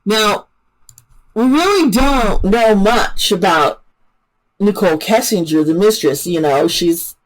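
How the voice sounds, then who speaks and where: A woman's voice: medium pitch, expressive, slow pace, poor audio. Chatty, emotional woman talking true crime. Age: adult parent. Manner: chatty, emotional, with frequent fillers and restarts. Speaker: channel host. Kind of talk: casual true-crime commentary.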